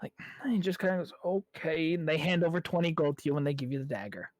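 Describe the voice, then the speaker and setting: A man's voice: on the high side, lively intonation, racing, dry recording. A man narrating a tabletop game as game master, hesitant and full of fillers while he voices guards and townsfolk. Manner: hesitant, with many fillers and restarts.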